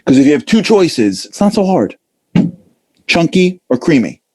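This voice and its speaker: Middle-aged male speaker, animated talk, dark husky tone, acts out quotes. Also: on the high side, normal speed. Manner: animated, acts out voices, casual fillers. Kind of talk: lively motivational talk.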